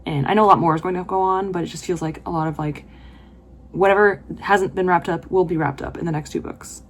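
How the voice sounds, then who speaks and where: A woman's voice: fairly low pitch, steady tone, brisk, slight background noise. A young woman vlogging her reactions while reading, talking in an emotional, gushing and exclamatory way. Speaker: book vlogger. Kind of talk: reading vlog commentary.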